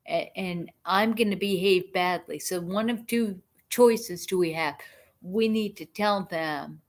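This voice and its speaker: A middle-aged woman hosting a casual livestream chat, talking in a halting way with many restarts and asides. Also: lowish voice. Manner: slow, halting, frequent restarts and self-talk. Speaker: livestream host.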